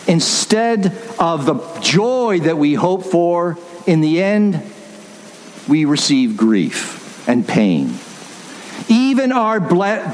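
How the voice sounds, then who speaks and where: A man's voice: on the high side, a little hiss or hum. A man preaching a sermon as pastor, emphatic and repetitive, laying out his points step by step.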